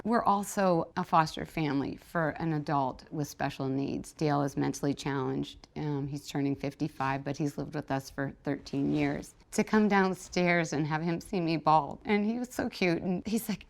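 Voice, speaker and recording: A middle-aged woman, a podcast guest, telling personal stories in a lively way and acting out the voices of others. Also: deep voice, normal speed, creaky, few pauses. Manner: lively, animated when quoting others. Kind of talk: storytelling in a podcast interview.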